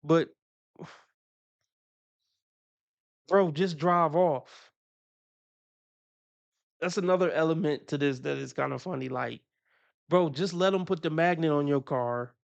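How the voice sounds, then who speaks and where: A man streams his reactions in a relaxed, profane ramble full of chuckles. His voice sits a bit high for a man and carries a gravelly fry. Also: brisk, dull audio. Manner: loose, profane, laughs often, talks through his opinions. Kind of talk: casual reaction commentary.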